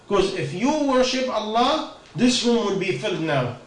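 A man's voice: high voice, lively intonation, normal speed, hardly any pauses, reverberant, distant mic, low-quality recording. A man giving an informal religious talk, firing rhetorical questions and answering them himself. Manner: questioning, rhetorical, non-native phrasing. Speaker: preacher.

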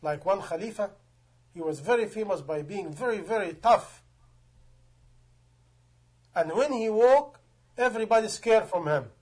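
High-voiced male preacher, emphatic. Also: expressive, unhurried, long pauses, darkish tone, breathy edge. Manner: emphatic, rhetorical questions, non-native grammar. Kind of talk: sermon.

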